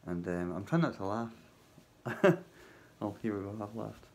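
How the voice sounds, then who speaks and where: A man talking casually to his viewers from his hotel workplace at night, halting and full of ums, with a wry sense of humour. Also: fairly low pitch, fairly even intonation, a little mellow. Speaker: vlogger. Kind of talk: casual spoken vlog.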